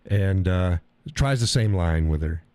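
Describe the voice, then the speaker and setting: A middle-aged man from the States tells a story as a casual, profane rant, stumbling over repeated words and mimicking the people in it. His voice sits fairly low and sounds dark and mellow. The mic is close and dry. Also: animated, measured pace, smooth, no room sound. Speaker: live stream host.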